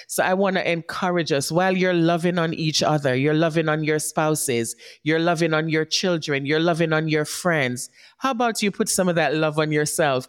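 A woman's voice: low-pitched, normal speed. A woman hosting a podcast who gives a heartfelt motivational talk. She speaks straight to her listeners and often checks in with "right?". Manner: warm encouraging, speaks directly to listeners, often asks "right?". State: tearing up. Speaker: podcast host.

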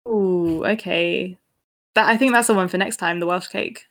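A woman's voice: on the low side, moderate pace. Giggly chatty woman podcaster. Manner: chatty and giggly, laughs often. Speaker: podcast co-host. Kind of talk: casual chat.

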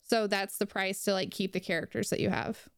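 A young woman vents on a casual podcast, heated and quick to swear. Her voice is smooth and clear. It sits close and dry, with no room sound. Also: mid-range voice, level tone, no echo. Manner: heated, ranting, swears freely. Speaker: podcast co-host.

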